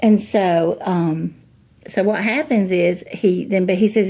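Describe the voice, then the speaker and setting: A woman's voice: mid-range voice, steady tone, slow, mellow. A middle-aged woman, a ministry director telling a personal story in a chatty, folksy way, full of "you know" asides and acted-out dialogue.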